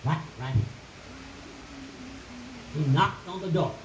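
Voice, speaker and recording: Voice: mid-range voice, slow pace, echoey room, background noise. A storyteller telling a folk tale in a live skit, in a folksy, sing-song way with chanted refrains.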